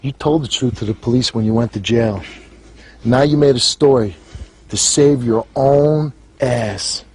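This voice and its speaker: A man's voice: mid-range voice, a little slow, darkish tone, husky. A man hosting a talk show, lecturing a guest in a harsh, accusing way and repeating words for emphasis.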